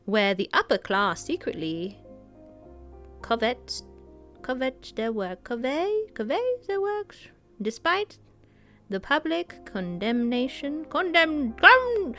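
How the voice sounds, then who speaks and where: A woman's voice: sits high, sing-song, slow pace, sharp tone, soft background music. A woman streamer reading game lore aloud, giggling often, tripping over hard words and wandering into chatty asides.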